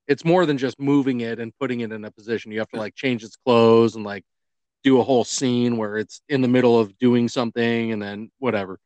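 Middle-aged dude chatting on a podcast, acts out the dialogue, super dry sound. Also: male voice, mid-range voice, clean tone, no echo. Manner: animated storyteller, acts out quoted dialogue. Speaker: podcast co-host. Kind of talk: casual chat.

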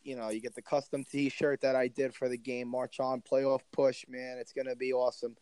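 A man's voice: medium pitch, level tone, moderate pace, a little mellow, clear, resonant tone, dry recording. A man co-hosting a podcast, chatting casually and telling jokey stories full of fillers. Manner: laid-back, jokey storytelling with fillers. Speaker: podcast co-host. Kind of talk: casual chat.

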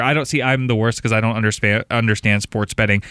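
A man co-hosting a casual soccer podcast, animated and laughing while he mocks online fans. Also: fairly low pitch, fast, clear, resonant tone, dry recording. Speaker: podcast co-host. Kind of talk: casual chat.

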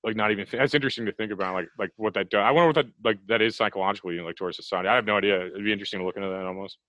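A man hosting a casual podcast, rattling off his thoughts at a very fast pace and leaning on "like" over and over. His voice sits low but sounds bright, recorded dry and close. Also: no echo, muffled recording. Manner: rapid, rambling, heavy use of filler "like". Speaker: podcast host. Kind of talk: casual chat.

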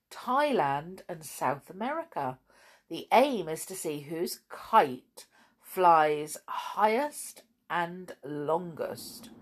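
Woman, kids' podcast host, lively swooping pitch, lowish voice, playful and exclamatory. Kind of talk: chatty presenting to children.

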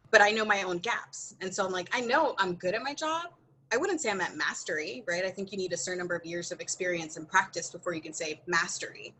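Guest spot: American woman, bright and forward voice, candid and expressive, laughs through the story. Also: mid-range voice, a little hiss or hum, low-quality recording. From United States. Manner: earnest and expressive, often laughing mid-story. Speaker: podcast guest.

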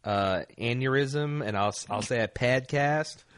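A man co-hosting a casual podcast, wry and jokey as he trades remarks about an episode. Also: measured pace. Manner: wry, jokey, slightly low-key. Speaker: podcast co-host. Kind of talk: casual recap chat.

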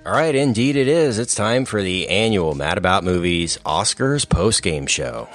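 A man hosting a casual comedic movie podcast, talking briskly with wry jokes. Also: low-pitched, animated, fairly bright tone, faint music behind. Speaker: podcast host.

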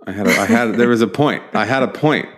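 Low-voiced man rambling sports chat. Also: quick pace, fairly bright tone. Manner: rambling, restarts, many fillers. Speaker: podcast host.

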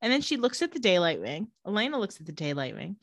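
A woman co-hosting a casual chat, retelling scenes with quick voiced quotes and laughs. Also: mid-range voice, big pitch swings, fairly bright tone, no echo, studio quality. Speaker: podcast co-host recapping a TV episode.

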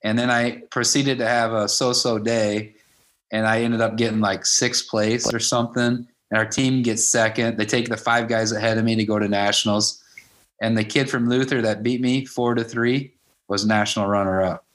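A man in his fifties, a high school wrestling coach, telling stories in a casual interview and acting out the dialogue. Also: little pitch movement, normal speed, fairly bright tone. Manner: anecdotal, acts out quoted dialogue with "I'm like".

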